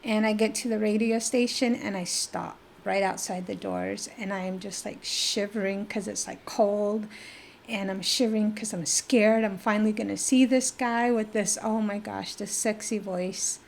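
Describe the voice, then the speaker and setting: Lively middle-aged woman telling a story. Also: mid-range voice, moderate pace, creaky, a little hiss or hum. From New Mexico. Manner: lively, acts out quoted dialogue, many fillers. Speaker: podcast guest. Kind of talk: personal storytelling in conversation.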